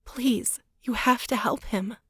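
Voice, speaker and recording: Brief: woman narrator doing a desperate young heroine, raised high and tearful, dry booth sound. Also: lively intonation, normal speed, dry recording. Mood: pleading. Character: frightened, pleading young woman. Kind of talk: audiobook character reading.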